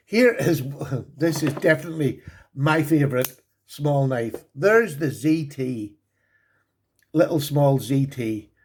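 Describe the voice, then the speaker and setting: A man's voice: mid-range voice, a little mellow, slightly rough. A man giving a casual show-and-tell review of his collection, enthusiastic and chatty, often repeating his praise.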